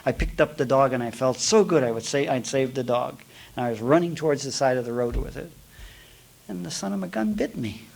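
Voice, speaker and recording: Yoga teacher guy giving a spiritual talk, folksy, jokey, middle pitch, goes loud then quiet. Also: expressive, fairly quick, creaky, low-quality recording. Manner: folksy, storytelling with jokes and asides; big swings from loud to hushed.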